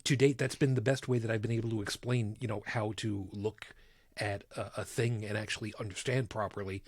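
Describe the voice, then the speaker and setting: A man's voice: lowish voice, steady tone, fairly quick, dry recording, clean studio sound. A man co-hosting a casual podcast chat, blunt and emphatic, swearing as he explains. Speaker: podcast co-host.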